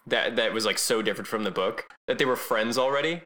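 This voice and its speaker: A man's voice: fairly low pitch, fast talker, pushed and bright. A man giving his opinions in a casual movie podcast, often stammering and restarting sentences. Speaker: podcast co-host.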